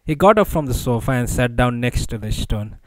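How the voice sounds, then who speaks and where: Guy reading an audiobook, steady and even, middle voice, dry sound. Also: medium pitch, fairly quick, no echo, rough recording. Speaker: audiobook narrator. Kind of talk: audiobook narration.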